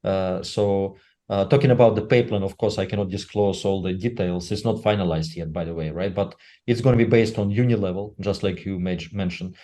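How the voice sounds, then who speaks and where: A man speaking unscripted on a webinar, halting and filling pauses with "uh" and asking "right?" again and again. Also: low voice, fairly even intonation, mellow. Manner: halting, full of "uh" and tag "right?". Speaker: company leader speaking on a webinar.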